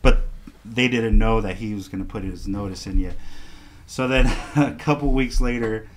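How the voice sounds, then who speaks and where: A man's voice: fairly low pitch, moderate pace. A man, a guest casually telling a story and acting out the other people in it. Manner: animated storyteller acting out quoted dialogue. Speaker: podcast guest, artist.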